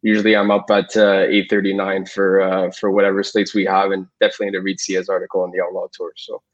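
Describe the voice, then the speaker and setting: A man, a podcast guest, giving quick, confident betting tips with lots of fillers. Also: low voice, monotone. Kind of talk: casual podcast chat. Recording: dull lo-fi audio.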